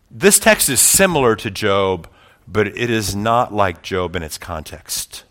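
A man preaching a sermon who swells into loud, rousing passages and then drops to quiet, reflective asides. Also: on the low side, big pitch swings, unhurried. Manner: builds to loud climaxes quoting speeches. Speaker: pastor.

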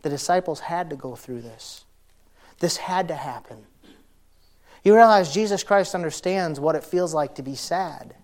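A middle-aged pastor preaches conversationally, swinging from loud emphasis to quiet intensity and laughing easily. His voice is a little high and animated, at a moderate pace.

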